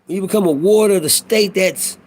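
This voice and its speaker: A man's voice: high voice, a little fast, a little mellow. A middle-aged man talking in a casual monologue, telling a profane, preachy prison story in street talk. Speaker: vlogger.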